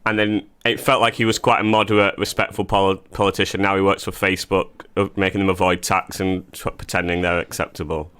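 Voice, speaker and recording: Bright-voiced man, self-mocking comic. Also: deep voice, level tone, a little fast, hardly any pauses, clear, resonant tone. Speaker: podcast co-host, comedian. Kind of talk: casual comedy chat.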